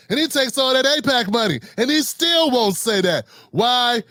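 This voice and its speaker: A male commentator on his own show, ranting in a heated, mocking voice. His voice sits high for a man. The sound is dry and close-miked. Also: animated, normal speed, few pauses, bright, forceful tone, dry recording. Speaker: host. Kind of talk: political commentary rant.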